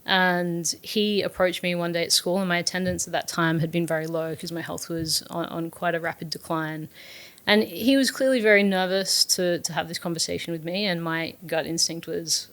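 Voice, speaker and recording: This is a young woman speaking in a low register with a gravelly, creaky edge. She talks openly and earnestly as an interview guest, recalling a formative story with fillers and restarts along the way. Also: moderate pace, a bit bright. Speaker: guest, startup founder.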